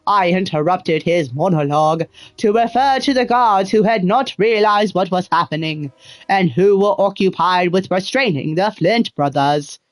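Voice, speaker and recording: A woman's voice: on the low side, expressive, moderate pace, no echo. A woman streamer reading game text aloud with dramatic flair, breaking off for sarcastic, profane asides.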